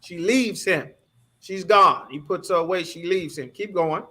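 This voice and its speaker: A man's voice: sits high, a little slow, pushed and bright. A man teaching a scripture class, preaching emphatically in a streetwise way and asking the class rhetorical questions. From United States.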